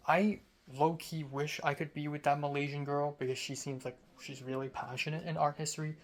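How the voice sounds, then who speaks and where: A man's voice: a little high, flat delivery. Sleepy, rambling young man from Hong Kong. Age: young adult. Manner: slow, sleepy, rambling with fillers. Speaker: student vlogger. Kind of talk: casual vlog narration.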